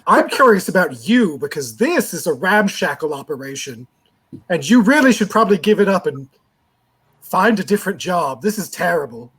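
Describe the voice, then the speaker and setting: A man's voice: high-pitched, very animated, normal speed, fairly bright tone, a little hiss or hum. A man playing a tabletop game, speaking in character in a haughty, condescending way. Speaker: player.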